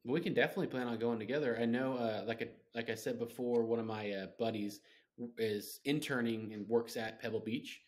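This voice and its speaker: A relaxed young man co-hosts a casual podcast and chimes in with quick reactions. His voice sits in an ordinary middle range. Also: mid-range voice. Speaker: podcast co-host. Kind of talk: casual chat.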